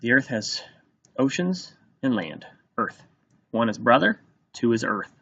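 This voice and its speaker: A man with a bright, gravelly voice reads a spelling test aloud at a very slow, deliberate pace, tapping out each sound of a word one by one. The recording is dull and lo-fi. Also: mid-range voice, expressive. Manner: slow, sounds words out letter by letter. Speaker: teacher.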